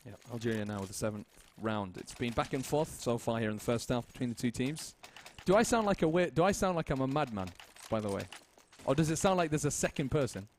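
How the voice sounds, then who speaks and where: A man casting a competitive shooter game match with fast, joking play-by-play commentary. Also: mid-range voice, lively intonation, darkish tone, a little hiss or hum. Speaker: esports caster.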